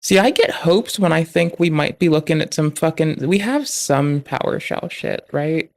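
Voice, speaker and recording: Gravelly, profane, sarcastic male streamer. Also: a little high, expressive, normal speed, no room sound. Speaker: streamer analyzing malware. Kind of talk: live stream commentary.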